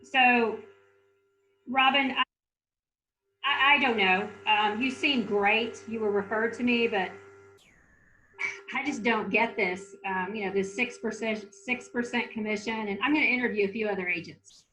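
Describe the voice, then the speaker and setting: Lady doing a doubtful house seller, hesitant and halting, bit high and bright. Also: rough recording. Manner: halting, unsure. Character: hesitant woman home seller, nervous and doubtful. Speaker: workshop participant. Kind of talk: sales role-play.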